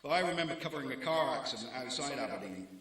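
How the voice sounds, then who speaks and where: A man's voice: mid-range voice, lively intonation, very fast, crowd noise. A man in his forties, a newspaper deputy editor, giving a wry, anecdotal talk to students. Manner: wry, anecdotal, lightly self-mocking. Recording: very echoey hall.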